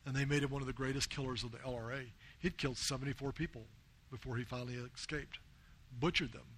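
Man, American, missionary preacher, earnest storytelling sermon, medium pitch. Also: steady tone, fast talker, a bit bright, a little hiss or hum. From United States. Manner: earnest storytelling, quoting others in plain voice.

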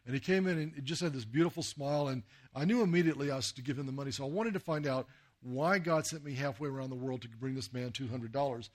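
A man's voice: medium pitch, fast talker, darkish tone. A man from the United States, a missionary preacher, telling a folksy story in a sermon and acting out the dialogue.

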